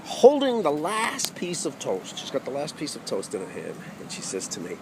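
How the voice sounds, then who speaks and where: A man's voice: mid-range voice, wildly swooping pitch, normal speed, background noise. A man telling a humorous personal story with wry asides to the audience.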